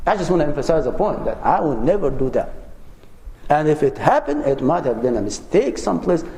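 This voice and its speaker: A man's voice: a little high, very animated, brisk, mellow. A man giving an earnest, conversational lecture as a religious teacher, sharing personal anecdotes with his audience. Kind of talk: lecture on parenting. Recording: roomy hall with long reverb.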